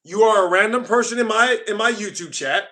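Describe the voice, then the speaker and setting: High, bright-voiced mocking male streamer. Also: a little fast. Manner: mocking, ranting at chat. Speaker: livestream host. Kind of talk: casual livestream chat.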